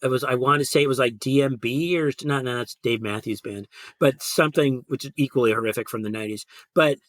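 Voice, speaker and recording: A man's voice: mid-range voice, fast talker, fairly bright tone, dry recording, clean studio sound. A middle-aged man co-hosting a podcast, chatting casually in a rambling way with lots of fillers. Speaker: podcast co-host. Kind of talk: casual chat.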